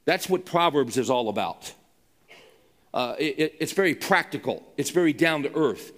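A male pastor delivers a sermon through an emphatic, conversational story. His voice sits a little high for a man, and it rings with the long reverb of a large hall. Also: animated, moderate pace. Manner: emphatic, conversational, with frequent restarts.

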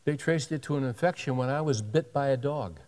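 A man's voice: mid-range voice, fairly quick, darkish tone, long reverb tail. A male pastor telling a story in a sermon, animatedly acting out the dialogue of the people in it.

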